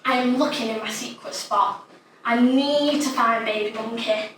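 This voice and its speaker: A woman with a fairly high, steady, slightly bright voice performs a dramatic monologue as an innocent little schoolgirl, speaking unhurriedly. Her chatter is rambling and matter-of-fact, captured by a distant mic in an echoey, noisy room.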